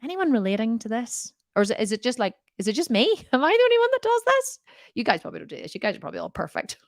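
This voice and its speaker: A woman's voice: on the high side, very animated, rapid-fire, creaky, dry recording, clean studio sound. A woman diet coach answering viewer questions in a live Q&A, blunt and direct, often laughing and swearing jokingly.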